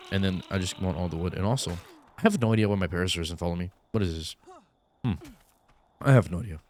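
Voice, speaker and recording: This is a young man with a low voice, chatting loosely over his gameplay with lots of "um" and "like". He still sounds groggy from just waking up, and a faint hiss runs under the desk-mic recording. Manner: rambling, many fillers, easygoing. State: groggy morning voice. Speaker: gaming YouTuber. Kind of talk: casual let's-play commentary.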